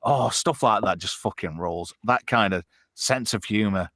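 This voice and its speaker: A man's voice: on the low side, moderate pace, a bit bright, dry recording, studio quality. A man hosting a casual chat show, rambling and swearing freely while slightly drunk. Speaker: show host reading chat.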